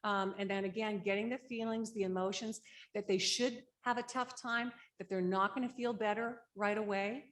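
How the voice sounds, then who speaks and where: In a conference room, a woman runs a workshop on grief support, walking through the steps in a practical, conversational manner and frequently checking in with "right?". Her voice is medium-pitched and steady, at a normal pace.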